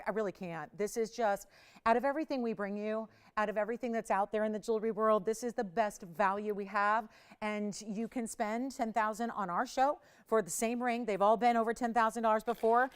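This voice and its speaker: A woman hosting a live TV shopping show, pitching with urgent countdowns and chatty, confiding asides from a studio. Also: smooth. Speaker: shopping channel host.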